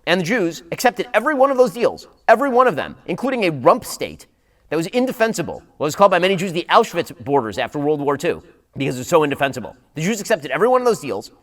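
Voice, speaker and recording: Rapid-fire, high-pitched lecturing man. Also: sing-song. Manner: insistent, lecturing. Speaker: political commentator. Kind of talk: rapid-fire debate rebuttal.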